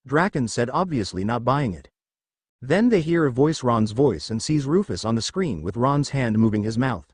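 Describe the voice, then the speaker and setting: A man reading a fan fiction story aloud and voicing its characters in his own voice, with a halting delivery. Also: medium pitch, expressive, slightly rough, no echo, studio quality. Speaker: narrator.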